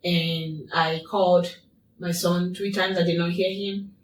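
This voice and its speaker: A woman's voice: fairly low pitch, level tone, unhurried, slight background noise. A woman guest in an interview, telling a personal story in a repetitive, emphatic way. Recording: echoey room, distant mic.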